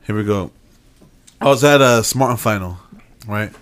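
A man co-hosting a casual podcast, telling a story in a profane, animated way. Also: fairly low pitch, moderate pace, smooth. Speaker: podcast co-host.

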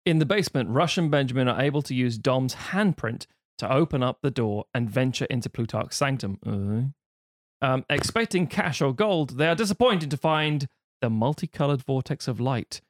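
A man's voice: mid-range voice, lively intonation, normal speed, no echo. Jokey male podcast co-host, dry sound. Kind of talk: casual chat, reading out a film pitch.

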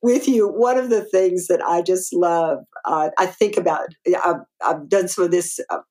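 A woman from the southern United States, a guest author talking in a casual interview, expressive and emphatic. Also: fairly low pitch, normal speed.

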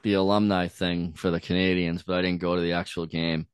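A man's voice: low-pitched, level tone, a little fast, clean tone, no echo, studio quality. A man telling a laid-back story as a podcast host, swearing often and filling his talk with "like" and "dude". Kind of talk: casual storytelling chat.

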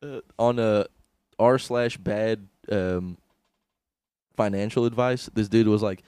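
A man's voice: fairly low pitch, fairly even intonation, slow pace, a little mellow, clear, resonant tone, dry recording, studio quality. A young man co-hosting a comedy podcast, laughing often and telling crude jokes in casual chat. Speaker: podcast co-host.

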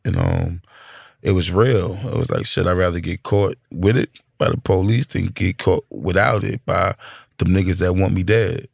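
A middle-aged man with a New York accent tells his story in blunt, profane casual talk. His voice is low and gravelly. The sound is dry and close. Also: steady tone, normal speed, dry recording. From Brooklyn, New York. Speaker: rapper interviewee.

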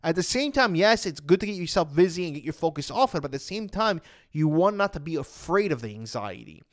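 Man, anxiety coach, casual chatty talk, fairly high voice, animated pitch. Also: a little fast. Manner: chatty, retells his own past thoughts with lots of "I'm like".

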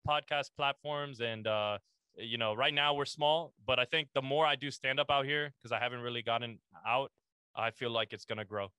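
A man's voice: mid-range voice, moderate pace, bright, forceful tone, clean tone, dry recording. A man guesting on a podcast, rambling and self-deprecating with lots of likes and uhs. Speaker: guest comedian. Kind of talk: casual podcast chat.

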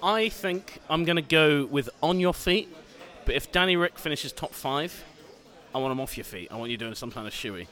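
Bright, teasing man in bar banter. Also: a little high, animated, moderate pace. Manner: teasing, laughing, mock-outraged. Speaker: podcast co-host. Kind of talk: casual banter.

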